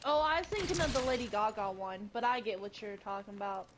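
A woman's voice: mid-range voice, fast talker, slight background noise. A woman teasing her friends with laughter during a shooter match. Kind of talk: casual gaming chat. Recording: loud gunfire in game.

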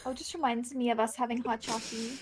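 Calm woman over loud music. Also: fairly high pitch, fast talker. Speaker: gaming guest. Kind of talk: casual gaming chat.

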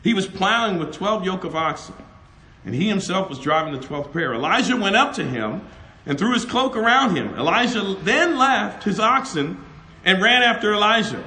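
A man preaches at a conference, his high voice swooping up and down as he acts out scenes and laughs through his stories. His tone is bright and forceful. A faint hum of the hall sits behind him. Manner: animated storyteller, laughs and acts out dialogue. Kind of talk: sermon with personal stories.

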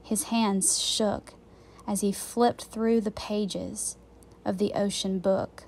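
A woman teacher reading a children's chapter book aloud in a slow, clear and expressive way. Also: medium pitch, slight background noise.

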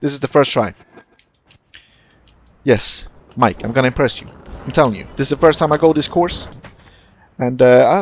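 A young man casually commentating his own gameplay, excitable and profane, often jumping into loud yelps. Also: mid-range voice, moderate pace, pauses often, slight background noise. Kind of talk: let's-play commentary.

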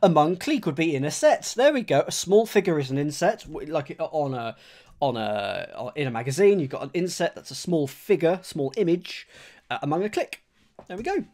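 On a live stream, a man chats casually with viewers while solving crossword clues, thinking out loud and slowly rereading each one. His voice runs fairly high, a little mellow, with big pitch swings.

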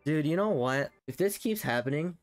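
A young man streaming a video game, ranting angrily about a stage and swinging from low muttering to loud outbursts. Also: lively intonation, moderate pace, no echo, faint music behind. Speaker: gaming streamer. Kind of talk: frustrated live gameplay commentary.

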